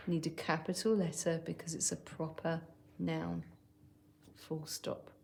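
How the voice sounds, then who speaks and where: Primary teacher lady, kinda low voice, talks slow, reads her example lines out while writing. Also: a little mellow. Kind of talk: recorded online lesson.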